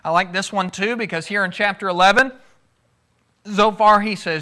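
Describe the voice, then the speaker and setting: Bright-voiced preacher, conversational. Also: male voice, high-pitched, moderate pace. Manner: conversational, asks the audience questions, acts out quotes. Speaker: pastor. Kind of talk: sermon.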